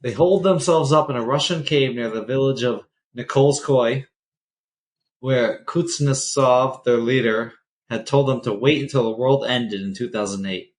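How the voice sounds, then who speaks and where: A man co-hosting a podcast with an average-pitched, ordinary voice. He tells stories loosely and rambles, dropping deadpan asides along the way. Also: normal speed. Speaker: podcast co-host. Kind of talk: casual podcast banter.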